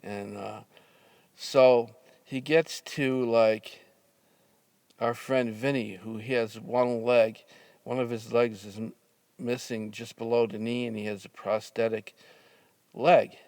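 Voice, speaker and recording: An older man casually telling a story from his youth, halting with fillers and restarts, with a dry sense of humor. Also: medium pitch, little pitch movement, a little mellow, no room sound.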